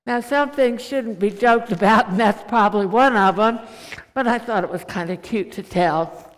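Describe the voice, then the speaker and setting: A woman preacher giving a sermon with gentle storytelling and slow scripture reading. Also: medium pitch. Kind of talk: sermon with anecdotes. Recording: reverberant hall.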